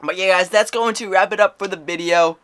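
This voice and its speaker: A man's voice: high-pitched, fairly even intonation, a little fast, fairly bright tone, clear, resonant tone. A young man vlogging a candy taste test, dramatic and rambling, full of "like" and "you know". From Maryland, USA. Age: young adult. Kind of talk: casual vlog taste test.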